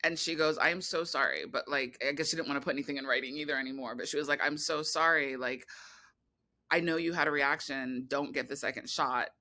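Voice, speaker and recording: A woman guest on a podcast, telling a long personal story in a rambling, animated way, full of restarts and quoted voices. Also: very deep voice, fairly quick. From California. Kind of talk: casual interview conversation.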